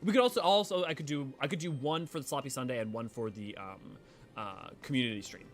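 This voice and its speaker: A man's voice: medium pitch, quick pace, faint music behind. A man chatting casually on his livestream, rambling with fillers and restarts between reading game dialogue aloud.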